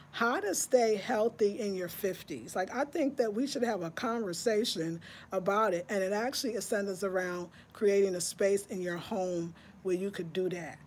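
A woman's voice: medium pitch, normal speed, darkish tone, slight background noise. A woman in her fifties from New York, chatting casually to her viewers from her home in a breezy, friendly way, as if talking to girlfriends. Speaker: lifestyle vlogger. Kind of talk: casual chat to the camera. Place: at home indoors.

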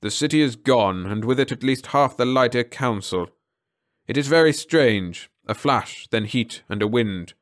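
A man voicing a stern, shrewd old alien officer in a read-along story, speaking slowly in clipped, commanding lines. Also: medium pitch, expressive, pitched above the performer's own voice, natural voice. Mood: suspicious.

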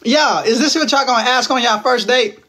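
In a very high-pitched, sharp voice, slightly fast, a man in his twenties from Texas jokes with viewers on a casual phone livestream from home. He answers their comments in playful slang, teasing them as he goes.

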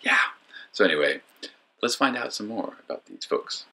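A man's voice: lowish voice, very animated, normal speed, gravelly, heavy background noise. A man giving casual voice-over commentary for his disc golf vlog, joking and mocking himself as he rambles with fillers.

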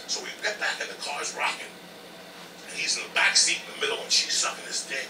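A man's voice: a little high, fast talker, gravelly, noisy background. A man, a comedian telling a profane story with bursts of laughter. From New Jersey. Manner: boisterous, swears constantly, laughs while telling. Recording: roomy clip played back from a distance with music.

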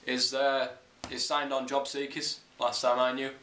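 A man's voice: mid-range voice, level tone, a little slow, bright, forceful tone, a little hiss or hum. A young English man ranting bluntly about football, sweary and opinionated. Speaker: football vlogger. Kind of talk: casual ranting monologue. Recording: echoey room.

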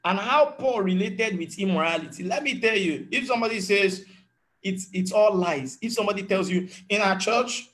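A man's voice: high-pitched, expressive, brisk, fairly bright tone. A man, preaching a sermon as a pastor in an earnest teaching tone and acting out voices of people he quotes. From Nigeria.

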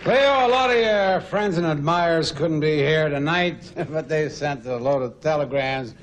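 A man as the emcee of a roast, reading joke telegrams aloud and introducing the next speaker in a relaxed, drawling way, on a noisy 1970s TV broadcast with an audience. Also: a little high, a little slow, some chatter behind.

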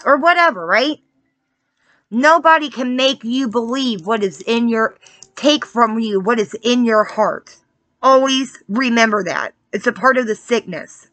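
A woman's voice: fairly high pitch, fairly bright tone, no echo. A woman giving a spiritual card-reading message in a casual preaching way, earnest and confiding, who keeps checking in with her listeners. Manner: earnest, keeps checking in with "all right?" and "okay?"; confiding and testimonial.

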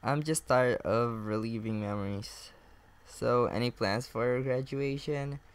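Over background noise, a young man with a medium-pitched voice talks at a measured pace. He's a gaming YouTuber giving casual let's-play commentary on a chat game, reading messages aloud and often swearing and laughing.

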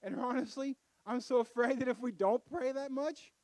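A middle-aged man preaching a folksy sermon in church, building to loud emphatic peaks. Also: very high-pitched, normal speed, no room sound, rough recording.

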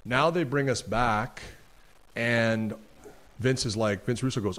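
A man guesting on a podcast, telling stories in a casual, animated way and acting out other people's lines. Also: mid-range voice, unhurried. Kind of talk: casual storytelling.

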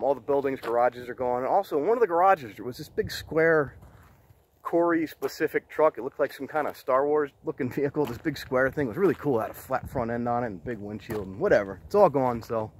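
Man, mid-range voice, casual walk-and-talk vlog, chatty, enthusiastic, outdoors, faint background noise. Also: medium pitch. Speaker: vlogger exploring abandoned sites. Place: outdoors on top of a quarry.

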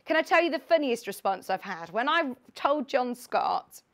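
A woman in her late twenties presenting a live sewing shopping show from a studio, chatty, bubbly and excitable. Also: high voice, normal speed. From United Kingdom. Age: late 20s.

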